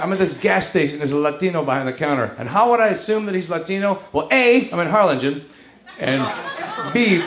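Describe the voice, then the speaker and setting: A man doing a stand-up comedy set on a club stage with a full house, animated and quick to break into song and voices. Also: a little high, noisy background. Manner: animated, breaks into loud singing and character voices. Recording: roomy club sound with loud music.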